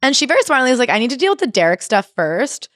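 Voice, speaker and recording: Fast-talking woman on a podcast. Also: a little high, sing-song, a bit bright, no room sound, studio quality. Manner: chatty, acts out quotes with swearing. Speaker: podcast co-host. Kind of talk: casual chat recapping a memoir.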